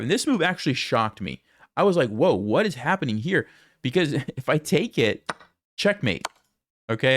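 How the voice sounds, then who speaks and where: A man reviewing one of his own chess games for viewers, thinking aloud in a relaxed, conversational way and speaking to the audience directly. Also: medium pitch, slight background noise. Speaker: chess content creator reviewing his game. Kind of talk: casual game analysis commentary.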